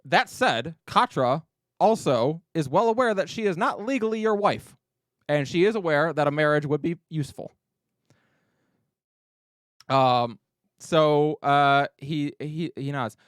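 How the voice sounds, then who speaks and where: A man narrating a tabletop game as game master, with hesitant pauses and fillers. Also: fairly high pitch, lively intonation, dry recording, clean studio sound.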